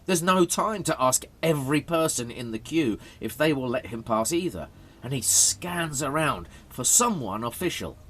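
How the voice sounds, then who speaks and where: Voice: mid-range voice, fairly bright tone, slight background noise. A narrator reading a graded story aloud for English learners, telling it dramatically.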